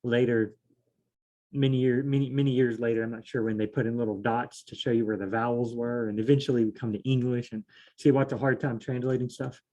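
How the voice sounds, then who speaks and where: A man's voice: mid-range voice, flat delivery, fairly quick, mellow. A man studying scripture aloud on his own, reading verses and then paraphrasing them in a loose, fumbling way, often correcting himself. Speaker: solo Bible study host.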